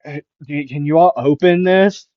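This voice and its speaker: A man's voice: medium pitch, normal speed, no echo, close to an everyday voice. A man voicing a young male hero student who is lost and puzzled, asking things plainly and a bit confused, in a dull, lo-fi, dry recording.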